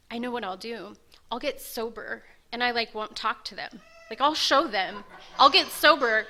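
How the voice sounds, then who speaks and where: A woman's voice: fairly high pitch, bright, forceful tone. A woman candidly sharing her personal recovery story in a self-mocking, storytelling way.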